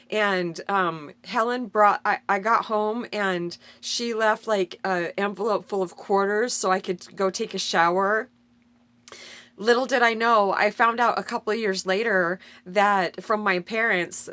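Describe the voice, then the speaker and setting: A woman's voice: mid-range voice, a bit bright, dry recording. A middle-aged woman speaking in a medium voice, recounting a personal story with earnest, spiritual feeling. She rambles a little and often backtracks to correct herself. The recording is close and dry, with no room sound. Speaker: vlogger sharing a personal story.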